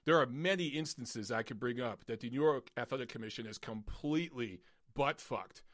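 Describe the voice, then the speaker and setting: A man's voice: mid-range voice, normal speed, no echo, studio quality. A man hosting a live-streamed boxing show, ranting bluntly and emphatically, and saying he is losing his voice. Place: padded soundproofed home studio.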